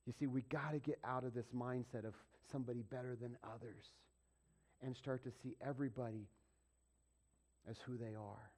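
A man preaching a sermon as pastor, swinging between loud, emphatic peaks and hushed whispers. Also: mid-range voice, fairly even intonation, moderate pace.

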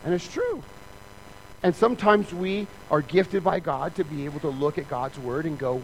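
A man's voice: a little high, normal speed, a little hiss or hum, poor audio. A man preaching a sermon in a church, talking in a conversational, joking way and acting out other people's lines. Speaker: pastor.

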